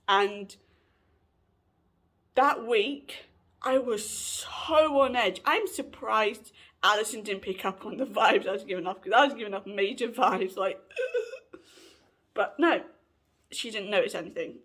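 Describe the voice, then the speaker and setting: With a medium-pitched, fairly bright voice, this late-20s vlogger rambles chattily through a personal story recorded at home. She corrects herself often as she talks to camera.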